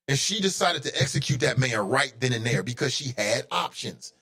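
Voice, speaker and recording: Male talk host, higher-pitched voice, heated solo ranting commentary. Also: very animated, a little fast, creaky, bright, forceful tone. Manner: heated, ranting, rising to indignant outbursts.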